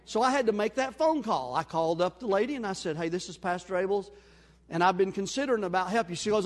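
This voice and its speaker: In a church sanctuary full of long reverb, a high-voiced male pastor delivers his sermon, performing a story's dialogue as he shifts from loud to soft. He speaks at a quick pace with lively intonation.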